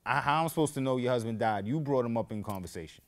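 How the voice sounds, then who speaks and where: With a mid-range voice and a quick pace, this podcast host spins casual stories on his own show. His talk drifts into tangents, and he turns animated and louder when quoting others.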